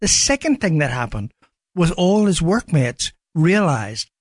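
A man's voice: fairly high pitch, sing-song, measured pace, no room sound, clean studio sound. A man with an Irish accent, a guest on a radio show, telling a story with lots of "you know" fillers. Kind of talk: radio studio interview.

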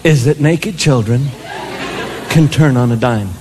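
A man doing stand-up, telling a story as an exasperated father with animated delivery. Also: mid-range voice, a little slow, very noisy. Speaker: stand-up comedian. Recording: live stand-up with loud crowd laughter. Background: audience laughter.

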